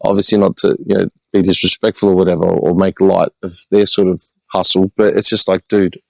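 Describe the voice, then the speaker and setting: Man, Australian accent, low-pitched voice, dry close mic, animated exasperated storytelling, casual outdoor vlog. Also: a little fast, creaky, no room sound, poor audio. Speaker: podcast host. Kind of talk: casual walk-and-talk vlog monologue. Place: outdoor hillside cemetery with birds.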